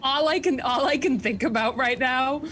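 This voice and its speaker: A woman's voice: sits high, normal speed, fairly bright tone, slight background noise. A woman chatting playfully as a player in a tabletop game. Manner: playful, quotes movie lines. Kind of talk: casual tabletop game chat.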